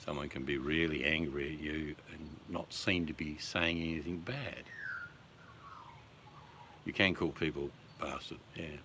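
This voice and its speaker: An Australian man chatting casually with viewers as host, relaxed and chatty, swearing freely. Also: rumbling low, a little slow, a little hiss or hum.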